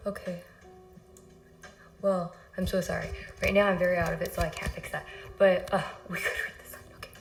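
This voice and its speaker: A woman's voice: lowish voice, flat delivery, a little fast, creaky. A woman streamer chatting casually while sick and out of breath, rambling, apologizing and getting sidetracked. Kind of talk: casual livestream chat. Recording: echoey room, faint music behind.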